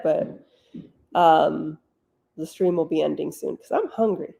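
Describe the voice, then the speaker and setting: A woman's voice: low-pitched, unhurried, creaky, mellow. A woman author hosting a live writing stream from home, answering chat questions in a blunt, wry, casual way.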